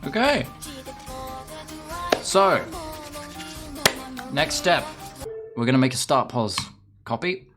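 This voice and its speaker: Ranting, foul-mouthed English streamer. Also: male voice, mid-range voice, sing-song, slow, pauses often, over music. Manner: profane, rambling and ranting. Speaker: game streamer. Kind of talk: casual live-stream chatter.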